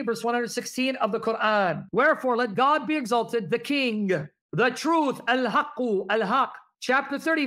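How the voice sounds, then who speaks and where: A man's voice: extremely high pitch, fairly bright tone. A man teaching Christian apologetics, reading verses aloud and pressing the audience with rhetorical questions.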